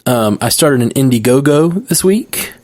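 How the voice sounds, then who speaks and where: A man's voice: mid-range voice, expressive, measured pace, a little mellow. A man co-hosting a podcast in casual chat, laughing often as he talks. He rambles and restarts his sentences before getting to the point. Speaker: podcast co-host.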